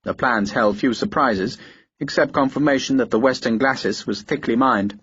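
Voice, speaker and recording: A man reading a historical war novel in a steady, measured audiobook narration. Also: mid-range voice, slightly rough, no room sound, lo-fi sound.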